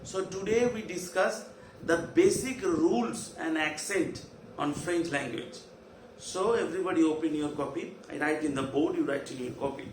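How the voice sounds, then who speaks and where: A man with an Indian English accent teaching a virtual class, drilling terms slowly and repeating them. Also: on the high side. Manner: slow, repetitive drilling of terms. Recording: echoey room, far from mic, faint hiss.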